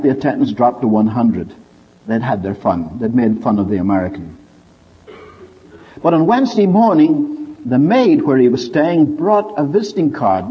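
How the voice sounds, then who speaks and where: Male preacher, husky and animated, recorded lo-fi in a big echoing hall. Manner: lively storyteller with wide pitch swings. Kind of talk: sermon storytelling. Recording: dull lo-fi recording with long hall reverb.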